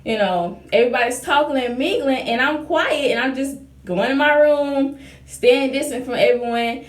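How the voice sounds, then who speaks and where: A young woman with a slightly high voice tells a personal story in a relaxed, chatty way. She brings the tale to life by acting out what other people said. Her voice echoes off the walls of a roomy space. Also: moderate pace. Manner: lively storyteller, acts out quoted dialogue. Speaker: vlogger. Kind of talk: casual storytelling. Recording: roomy echo.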